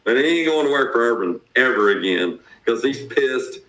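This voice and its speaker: Southern man, bright roomy voice. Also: mid-range voice, animated, moderate pace. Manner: blunt, folksy, laughs often. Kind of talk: casual sports talk.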